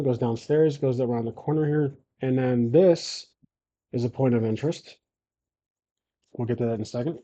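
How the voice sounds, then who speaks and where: Sex: man. Role: solo game narrator. Style: casual tabletop game narration. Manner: hesitant, with many fillers and self-corrections. Tone: mellow. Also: medium pitch.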